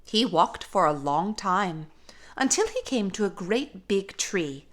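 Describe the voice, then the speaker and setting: A young woman, a caregiver, reading a storybook aloud in a slow, gentle, expressive way. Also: mid-range voice.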